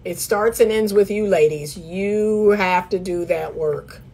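Speaking straight to camera, a middle-aged dating coach dishes out emphatic, sassy advice, laughing often and imitating others in a high voice. Her delivery is a little slow and mellow.

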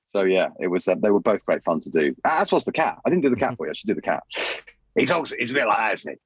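Low husky man telling stories. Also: dry recording. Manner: lively, animated storytelling with quick voice changes. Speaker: guest, puppeteer and voice artist. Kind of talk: casual interview chat. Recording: dull lo-fi dry sound.

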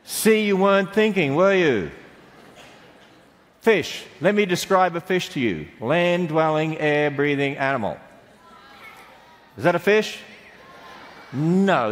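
A man's voice: fairly high pitch, a little hiss or hum. A middle-aged Australian man giving a playful church talk to children and quizzing them on the answers. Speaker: speaker to children. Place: large church hall. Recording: long hall reverb.

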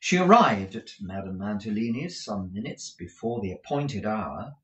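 Low, lively male reader in an echoey room. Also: moderate pace. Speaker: narrator. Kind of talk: audiobook reading with commentary. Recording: roomy echo.

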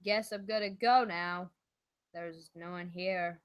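A young woman whose voice is hoarse from being ill, muttering casual, self-mocking commentary as she draws. She talks slowly, and the sound is dry and close with no room around it. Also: fairly low pitch, steady tone, no room sound, low-quality recording. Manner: self-deprecating, mumbling, swears casually. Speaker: vlogger drawing on stream. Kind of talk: casual solo commentary while drawing.

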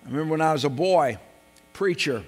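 A man preaching a sermon, his fairly high voice ringing through a big reverberant church hall. He reads scripture slowly and with force, then drops almost to a murmur when he prays. A low mains hum sits under the recording. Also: soft background music. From came to North Carolina at seventeen. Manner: emphatic preaching, swelling loud on scripture and dropping soft in prayer. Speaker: pastor. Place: church sanctuary.

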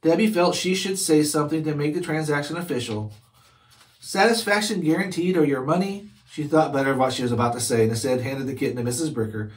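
A man narrating a children's chapter book aloud in a steady storytelling manner. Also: medium pitch, fast talker. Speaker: read-aloud host.

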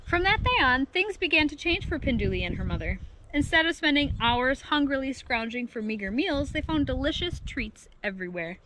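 A woman reading a picture book aloud for children with expressive storytelling. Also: high voice, normal speed, background noise.

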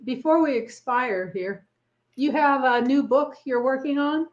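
A woman's voice: sits high, unhurried. A woman co-hosting a talk show, asking the guest questions and reacting with laughter. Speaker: co-host. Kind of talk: casual interview questions. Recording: dull lo-fi sound.

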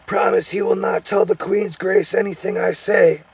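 A cowering little gnome squeals and whimpers in a thin, sharply raised voice. The voice sounds nothing like an everyday speaker, pinched and frantic, like a storybook creature begging for mercy. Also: male voice, steady tone, moderate pace, gravelly, breathy edge, no echo, recorded from a distance, heavily acted. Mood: panicked. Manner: squealing, whimpering, high-pitched.

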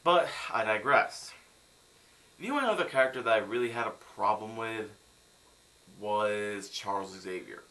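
A man's voice: on the low side, lively intonation, normal speed, bright, forceful tone. A young man from the United States ranting sarcastically in a film review vlog.

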